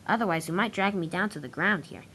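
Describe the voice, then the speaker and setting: A woman's voice: lowish voice, fast, a bit bright. A woman doing an amused dock crane. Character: big dockside crane, amused and firm.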